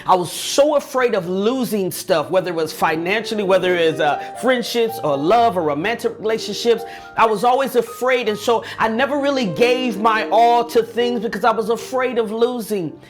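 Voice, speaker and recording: A man's voice: sits high, normal speed. Man, motivational speaker, earnest preaching tone, repeats words, faint music underneath. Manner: addresses listeners directly.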